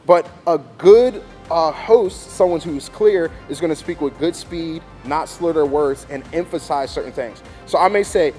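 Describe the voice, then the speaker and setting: Brief: male youth leader with a high, bright voice, coaching hosts, emphatic delivery, faint music underneath. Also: unhurried, few pauses. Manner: animated, emphatic, demonstrates with mock announcements; checks in with frequent "okay?". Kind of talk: training talk to volunteers.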